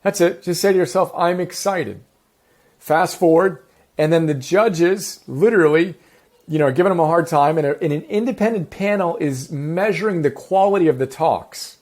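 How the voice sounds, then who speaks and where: A man with a fairly high voice teaches a self-improvement class in a loose, casual way. He talks with lots of energy and enthusiasm and often corrects himself mid-sentence. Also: moderate pace, a little mellow. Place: home in the countryside.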